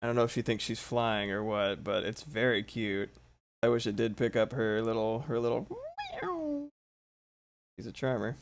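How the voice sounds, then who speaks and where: A man's voice: fairly low pitch, steady tone, normal speed, smooth. Sleepy, sweary man streaming as he draws. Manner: swears freely, rambling and self-mocking. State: sleepy, yawning. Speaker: streamer drawing live. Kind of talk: casual chat while drawing.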